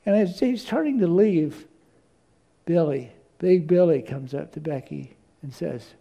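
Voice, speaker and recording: A male preacher with a fairly high, gravelly voice and a dark, mellow tone. He preaches by telling stories and stumbles over repeated words as he looks for what to say next. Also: lively intonation, unhurried. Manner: storytelling, repeats words when searching. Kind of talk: sermon.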